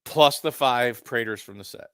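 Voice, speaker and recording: A man's voice: mid-range voice, moderate pace, fairly bright tone, smooth, no room sound, studio quality. A man born and raised in Virginia, co-hosting a casual card game round table and explaining things patiently with plenty of "um"s. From Virginia, US Southern. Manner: explains patiently, with many "um"s and repeated "no, no". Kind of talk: casual chat.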